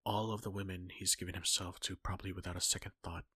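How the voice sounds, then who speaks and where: Male story reader, low and husky with a bright edge, dry and close. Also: little pitch movement, fast, no room sound. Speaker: fan-fiction reader. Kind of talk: second-person story reading.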